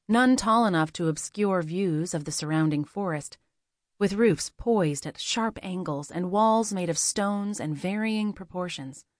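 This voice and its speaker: A woman reading a first-person fantasy audiobook, measured and quietly expressive. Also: medium pitch, no room sound, clean studio sound. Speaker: audiobook narrator.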